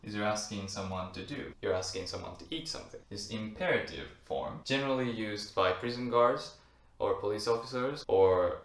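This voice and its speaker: A man's voice: fairly low pitch, normal speed. A young Japanese man with a Japanese accent giving a casual language lesson, explaining usage through short spoken example phrases. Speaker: language teacher. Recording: echoey room with faint noise.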